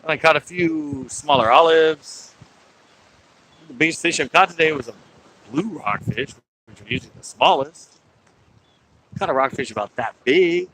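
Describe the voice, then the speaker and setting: Chatty angler, a man with a bright, pushy voice, talking to his stream outdoors. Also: fairly high pitch, moderate pace, pauses often, low-quality recording. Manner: chatty, talks to viewers and yells at sea lions. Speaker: angler livestreaming from a pier. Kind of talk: casual live-stream chat. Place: outdoors on a fishing pier by the sea.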